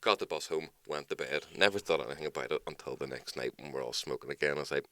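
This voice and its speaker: A man's voice: a bass voice, fast talker, sharp tone. A young man with a Northern Irish accent, co-hosting a casual chat and telling anecdotes with lots of swearing. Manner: swearing, acts out voices in anecdotes. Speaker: podcast co-host.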